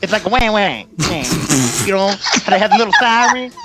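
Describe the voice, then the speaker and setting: A man's voice: high voice, lively intonation, a little fast, loud music behind the voice. A man doing an impression of a folksy, boastful old Southern wrestling legend, drawling and rambling on a casual podcast. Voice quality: drawling, rambling brag with rhymes.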